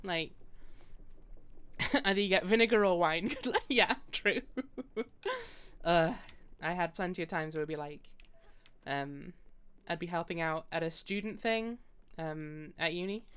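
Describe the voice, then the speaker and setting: A woman's voice: lowish voice, unhurried, long pauses, fairly bright tone, clean tone. A young British woman chatting casually while streaming a game, rambling and laughing often. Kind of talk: casual gaming stream chat.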